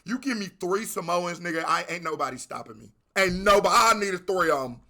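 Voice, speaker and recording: A man hosting a music reaction video, talking casually and breaking into loud excited exclamations. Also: high voice, fairly quick, a crowd in the background. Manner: animated, bursts into shouted exclamations.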